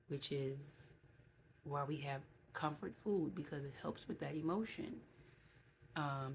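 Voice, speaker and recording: Woman vlogger, low voice, candid and emotional, chatty, faint background hiss. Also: poor audio. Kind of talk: casual vlog talk to viewers.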